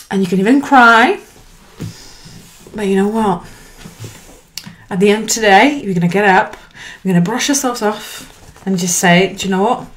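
A woman in her thirties giving an earnest, encouraging motivational talk to camera as a life coach, with lively swings in pitch. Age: 30s.

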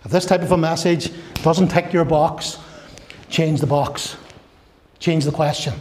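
High-pitched guy preaching hard in church, fervent, keeps acting out little voices. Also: fairly even intonation, a little slow, darkish tone, a little hiss or hum. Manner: impassioned preaching, rising to fervent repeated declarations; acts out voices of God, Satan and listeners within the sermon. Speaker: pastor. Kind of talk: sermon.

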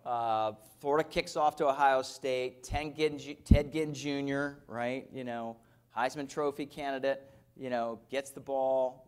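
A man in his fifties giving an energetic motivational keynote as a company founder, telling stories and often checking in with his audience. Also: medium pitch. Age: 50s. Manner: energetic, storytelling, keeps checking in with "okay?". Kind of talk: motivational conference talk. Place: conference stage.

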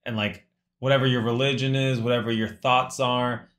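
Bright-toned man musing casually. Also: medium pitch, little pitch movement, normal speed, reverberant. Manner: musing, laughs easily, rambling. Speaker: podcast host. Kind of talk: casual chat.

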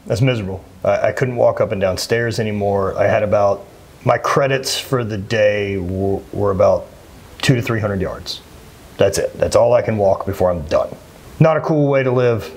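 A former athlete in his thirties speaks earnestly and plainly as a guest in a candid, conversational interview, often restarting his sentences. His voice is lowish and darkish in tone, at a normal speed.

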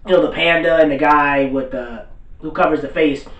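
A man's voice: a little high, moderate pace, a bit bright, muffled recording. A man giving a loose, slangy casual recap of an anime episode and acting out the characters' lines as he goes. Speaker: anime reviewer. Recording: roomy, mic at a distance.

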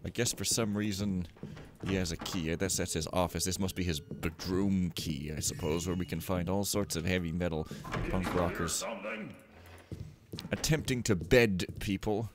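Low-voiced man rambling over gameplay. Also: moderate pace, a crowd in the background. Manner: rambling, sarcastic, self-mocking. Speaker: let's play host. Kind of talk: casual gameplay commentary.

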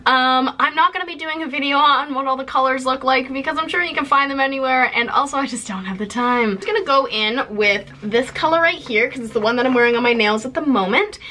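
A high, sharp-toned voice comes from a Canadian vlogger in her twenties. She's doing a casual, bubbly haul chat on camera, running through things she bought and was given, with plenty of filler words.

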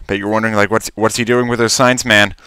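A man's voice: fairly low pitch, level tone, fast, bright, forceful tone, clear, resonant tone, no echo. A man giving casual, rambling commentary while playing a game, talking to himself and stammering when surprised. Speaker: Let's Play commentator.

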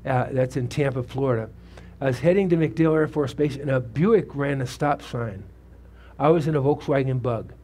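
A man's voice: medium pitch, moderate pace, warm tone, a little hiss or hum. Older man preaching, conversational testimony. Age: 70s. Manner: conversational preaching, asks the congregation questions. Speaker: pastor. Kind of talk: sermon with personal testimony. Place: church sanctuary.

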